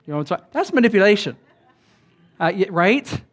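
A man preaching in an easygoing, conversational way, like he's talking to friends. His voice sits a bit high for a man, and he breaks into exaggerated voices when quoting others. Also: very animated, brisk. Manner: conversational, acts out quoted voices with big pitch jumps. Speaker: pastor. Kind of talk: sermon.

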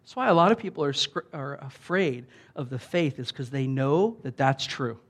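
A man's voice: medium pitch, expressive, moderate pace. A man preaching a sermon in an emphatic, conversational way, with lots of asides to the congregation. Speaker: pastor.

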